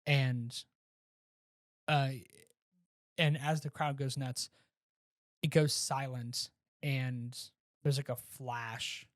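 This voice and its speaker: A man co-hosting a podcast, casually reviewing a movie and retelling scenes with animated restarts. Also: medium pitch, extremely slow, long pauses, no echo, studio quality. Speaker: podcast co-host.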